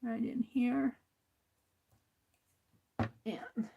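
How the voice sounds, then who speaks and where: A woman hosting a craft stream, talking casually to herself as she works, often trailing into soft near-whispers. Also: a little high, unhurried, long pauses, slightly rough, poor audio. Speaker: craft livestream host. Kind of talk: casual craft talk while working.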